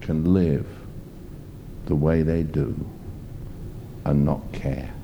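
A man's voice: extremely low pitch, steady tone, very slow, muffled recording, a little hiss or hum. A man preaching a sermon, emphatic and rambling as he tells stories. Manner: emphatic, rambling storytelling with fillers.

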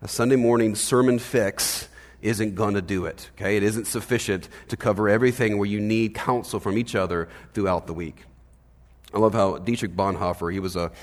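A man preaching a sermon as pastor, conversational and animated, often checking in with "right?". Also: sits low, big-room sound. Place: church hall.

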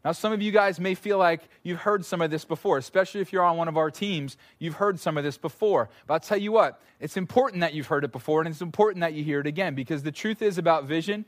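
A man preaching a sermon as pastor at a church service, telling stories in an animated, conversational way with playful asides. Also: fairly high pitch, quick pace, few pauses.

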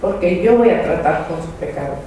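A man's voice: fairly high pitch, lively intonation, quick pace. A man interpreting a sermon live, following the preacher phrase by phrase in a church hall. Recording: very echoey hall with faint noise.

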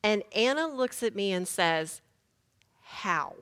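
Woman preacher, bright voice, higher pitch, animated storyteller. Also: unhurried. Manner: animated storyteller, shouts in retellings. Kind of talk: sermon story.

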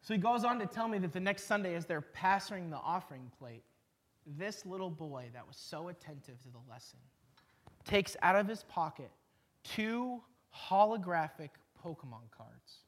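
A pastor delivers a conversational sermon, telling stories and pausing to let points land. His voice sits noticeably high for a man. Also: animated, a bit bright. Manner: storytelling, conversational, pauses for emphasis.

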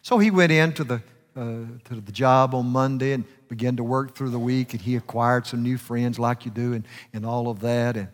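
A man's voice: medium pitch, moderate pace. A male preacher delivering a fervent sermon and telling a story, his voice swelling and dropping for emphasis. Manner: fervent, rising and falling for emphasis. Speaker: guest preacher. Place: church sanctuary. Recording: reverberant church hall.

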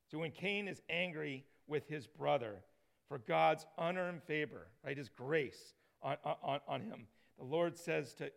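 A man preaching a sermon, swinging from loud emphatic lines to soft hushed ones. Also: on the high side, gravelly. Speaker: pastor.

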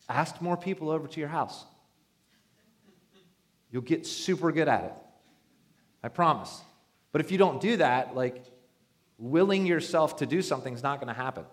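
A man's voice: mid-range voice, normal speed, pauses often. A male pastor preaching a sermon in a conversational, joking way, acting out quoted voices.

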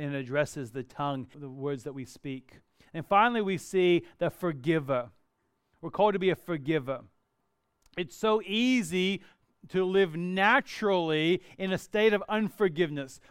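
A man preaching a sermon in a conversational, animated way, acting out little asides. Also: a little high, smooth, no room sound, studio quality. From Australia. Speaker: pastor.

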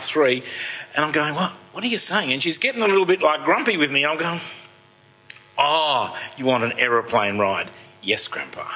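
Bright-voiced man in his sixties preaching. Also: on the high side, low-quality recording. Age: 60s. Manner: conversational and self-deprecating, drops soft and slow in reflective passages. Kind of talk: sermon with personal storytelling.

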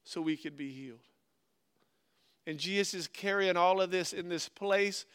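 A man preaching a sermon and reading scripture aloud, earnestly swinging between loud stresses and hushed, slowed phrases. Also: sits high, clean tone. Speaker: pastor.

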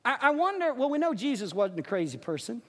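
A man preaching a sermon as pastor, telling the story in an animated way and acting out the characters. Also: very high-pitched, quick pace. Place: church sanctuary. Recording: long reverb of a church sanctuary.

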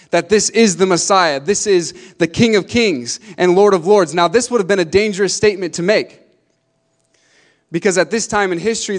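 Brief: male pastor, 30s, high voice, fervent sermon with hushed asides. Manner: fervent, swinging from hushed asides to emphatic declarations.

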